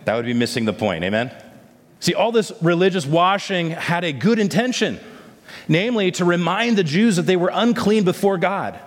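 A man's voice: sits high, expressive, normal speed. A male pastor delivering a sermon, asking the congregation rhetorical questions and tossing in "amen?" asides. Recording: long hall reverb.

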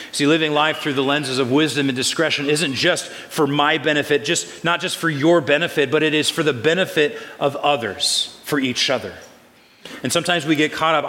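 A pastor preaching a sermon, lively and storytelling, putting on voices and asking the congregation questions. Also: male voice, medium pitch. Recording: long hall reverb.

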